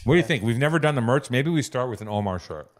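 A man's voice: medium pitch, expressive, fast. A man hosting a podcast, telling rambling, profane stories in casual chat. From Los Angeles. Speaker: podcast host.

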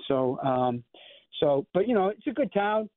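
A man's voice: high-pitched, big pitch swings, no echo. Rambling fifty-something man on a phone line. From Chicago area. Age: 50s. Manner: rambling, halting storyteller. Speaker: guest actor. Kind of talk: phone-in interview chat.

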